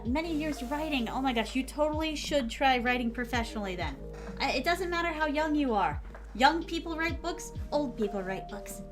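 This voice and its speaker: A young woman chatting casually with viewers as she writes live, reading her drafts aloud and giggling. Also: sits high. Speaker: streamer writing live. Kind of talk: casual chat while writing.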